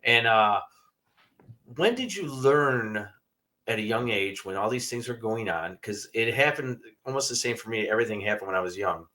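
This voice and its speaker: A man's voice: lowish voice, normal speed, sharp tone. A man co-hosting a paranormal podcast, asking questions in an enthusiastic, casual way. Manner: enthusiastic, laughs easily. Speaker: podcast co-host. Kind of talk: casual interview chat.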